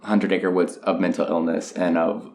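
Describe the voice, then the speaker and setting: A man's voice: low-pitched, little pitch movement, normal speed, vocal fry, a little mellow, a little hiss or hum. A young adult man co-hosting a casual podcast chat, earnest and enthusiastic, with many "um" and "you know" fillers. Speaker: podcast co-host.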